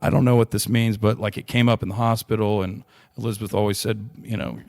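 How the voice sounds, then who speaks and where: A young adult man with a drawl recounts a personal story as a podcast guest. His voice sits somewhat low, and it is recorded close and dry. He talks in earnest bursts, often restarting his sentences. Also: level tone, fast, gravelly, a little mellow, dry recording. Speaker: interview guest.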